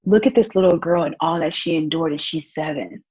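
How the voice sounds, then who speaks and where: A woman's voice: sits low, fairly quick, husky, no echo, highs cut off. A young woman, telling stories in a casual interview and acting out what people said. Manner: animated, acts out quotes with laughs. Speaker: guest, volunteer child advocate.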